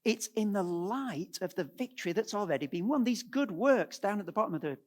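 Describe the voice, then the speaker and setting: A middle-aged man giving a presentation at a church, animated and asking the audience rhetorical questions. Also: high-pitched, fairly quick. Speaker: guest speaker.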